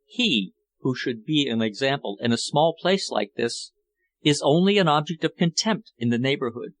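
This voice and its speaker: A man's voice: medium pitch, lively intonation, normal speed, close to an everyday voice. Intense foreign lover, scornful and passionate, declaiming, as a male narrator reads him in a storybook. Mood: tender. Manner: fervent, declamatory.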